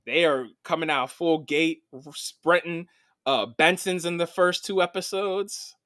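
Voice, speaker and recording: A man co-hosting a casual podcast, recapping TV episodes in an animated, profane storytelling way. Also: fairly high pitch, unhurried, no room sound, studio quality. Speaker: podcast co-host. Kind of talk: casual film and TV chat.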